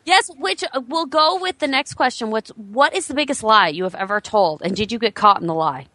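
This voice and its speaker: Woman, podcast co-host, teasing, laughs a lot, bright higher voice, dry room. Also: expressive, a little fast, no echo. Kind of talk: casual chat.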